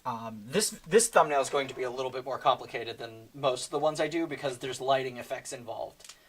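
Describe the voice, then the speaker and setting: Speaking fairly quickly with a breathy edge, a mid-voiced male streamer narrates his thumbnail-making in a relaxed, rambling way. He thinks out loud constantly, leaning on plenty of fillers.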